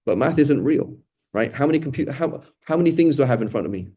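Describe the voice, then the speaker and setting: This religious teacher, a middle-aged man, talks fast and expressively at medium pitch in a mellow, slightly rough voice, though the recording is muffled. His informal Quran lecture is conversational, with restarts and frequent "right?" check-ins.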